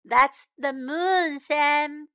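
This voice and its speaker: A woman's voice: high voice, extremely slow, a bit bright, voice pushed up, exaggerated voice. A woman voicing a sleepy, patient older sister in a children's storybook reading, soothing and sighing.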